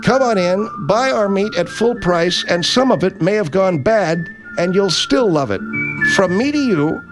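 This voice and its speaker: Brief: man playing a blustery, rambling grocery magnate on his own radio show, higher-pitched voice, improv comedy. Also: animated, unhurried, faint music behind. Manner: blustery, rambling, self-correcting. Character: brash older male grocery chain owner hosting a radio show. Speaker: radio host character.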